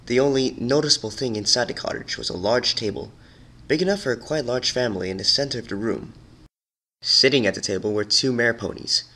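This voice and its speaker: A man who narrates as a hobby reads a storybook aloud with expression, slowing down and going low for the eerie passages.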